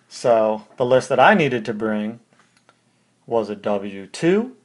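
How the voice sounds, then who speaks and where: A man hosting a podcast, telling a personal story in a casual, conversational way, step by step. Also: mid-range voice. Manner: conversational, recounts events step by step. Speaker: podcast host.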